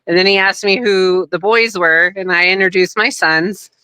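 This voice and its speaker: A middle-aged woman tells a personal story in casual conversation. Her voice is bright and smooth. She is animated and acts out other people's lines as she goes, recorded dry with no room sound. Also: mid-range voice, normal speed, no echo, rough recording. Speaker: guest, wrestler's daughter.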